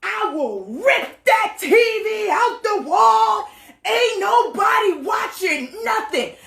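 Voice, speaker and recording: A woman acting as an enraged shouting husband. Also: very high-pitched, very animated, slow pace, creaky, echoey room, a little hiss or hum, voice pushed up, exaggerated voice. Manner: shouting, drawn out.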